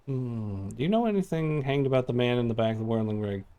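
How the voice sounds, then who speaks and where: A man's voice: medium pitch, expressive, fast talker, mellow, smooth. A young man giving chatty, giggly commentary while streaming a game and reading choices aloud. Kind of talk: casual gaming commentary.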